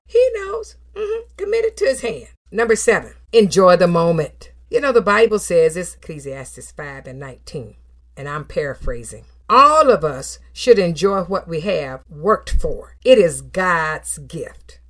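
Animated woman preacher delivering a sermon. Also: on the low side. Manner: emphatic, animated, with numbered points and scripture quotes; affirming hums and soft laughs between phrases.

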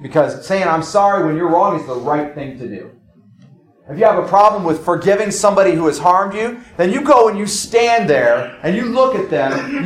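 A man preaches a sermon in an earnest, urging way, his voice sitting high for a man. His delivery drops hushed and rises insistent. The room around him is echoey. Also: lively intonation, moderate pace. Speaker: pastor.

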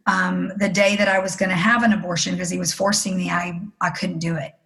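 A woman's voice: lowish voice, flat delivery, fairly quick, a bit bright, poor audio. Earnest middle-aged woman telling a story. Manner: earnest, emotional, acting out the people she quotes. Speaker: interview guest. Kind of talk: personal storytelling in an interview.

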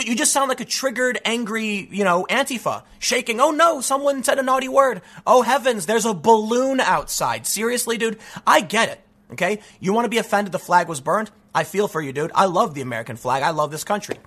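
A man's voice: high-pitched, fairly bright tone. A man giving an emphatic news commentary, reading out reports and then ranting in casual, repetitive phrases. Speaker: political commentator.

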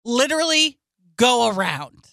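Bright, lively woman telling a story. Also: fairly high pitch, a little slow, creaky, no echo, studio quality. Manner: animated, laughs often while telling stories. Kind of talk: casual storytelling chat.

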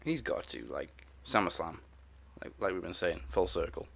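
A man with a very deep, gravelly voice chats casually as a wrestling podcast co-host. He makes dry, wry remarks, and his low register sits heavy with vocal fry. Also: expressive, moderate pace, fairly bright tone. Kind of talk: casual chat.

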